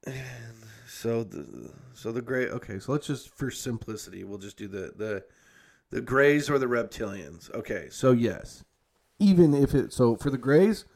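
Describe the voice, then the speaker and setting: A man's voice: medium pitch, expressive, unhurried, a little mellow. Rambling, foul-mouthed male podcast host. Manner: rambling and heavily profane, with frequent fillers and self-corrections. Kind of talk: casual chat.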